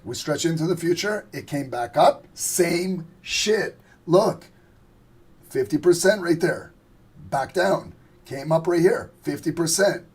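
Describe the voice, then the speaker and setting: A hoarse man as a trading instructor, casually walking viewers through price charts on a live stream, profane and checking they follow along. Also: a little high, a little mellow.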